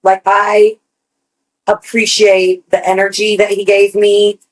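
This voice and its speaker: Woman, podcast co-host, casual storytelling, animated, salty language, mid pitch. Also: takes it slowly, low-quality recording. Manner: animated storyteller, swears casually, acts out quotes.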